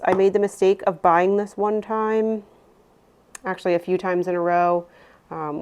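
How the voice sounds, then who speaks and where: With a fairly low, slightly mellow voice, a mother in her thirties vlogs about her grocery haul. She rambles casually, dropping plenty of "um"s and side comments.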